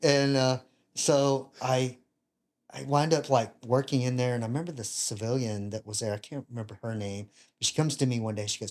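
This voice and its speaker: A man in his fifties, a retired Navy chief and podcast guest, telling casual stories with animated, self-mocking humor and acting out other people's lines. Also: medium pitch, fairly quick. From United States. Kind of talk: casual storytelling.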